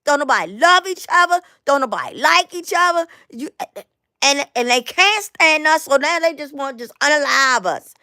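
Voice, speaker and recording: A woman, hosting a live online show and ranting emphatically to viewers, repeating herself and stumbling on restarts, tired and going hoarse. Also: high-pitched, expressive, moderate pace, bright, forceful tone, no echo, studio quality. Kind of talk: impassioned live rant to viewers.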